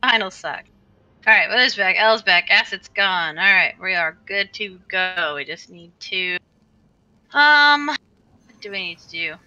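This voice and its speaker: Brisk bright-voiced woman leading a raid. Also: mid-range voice, expressive, no echo, dull audio. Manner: brisk, explains tactics step by step. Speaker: raid leader. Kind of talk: casual voice chat while gaming.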